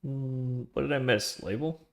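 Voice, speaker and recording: A man streaming himself coding a trading tool, chatting loosely with slang and laughs, then muttering quietly to himself as he works. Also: mid-range voice, unhurried. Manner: slangy, with laughs between phrases. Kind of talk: casual live-coding chat.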